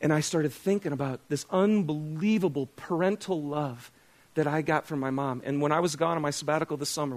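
Pastor, middle-aged man, high-pitched, relaxed and conversational from the pulpit, quizzes his congregation. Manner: conversational, self-deprecating, asks the congregation questions. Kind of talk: sermon.

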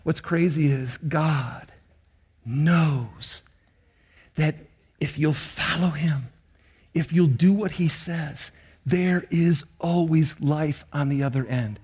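A man's voice: on the high side, slow, darkish tone, husky. A middle-aged male pastor preaching a sermon, telling stories with animation and often turning to speak to the congregation.

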